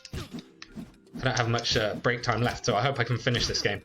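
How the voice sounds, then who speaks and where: A man giving casual let's play commentary on a video game, chatty and relaxed, with frequent fillers. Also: mid-range voice, moderate pace, over music. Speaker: YouTuber playing a game.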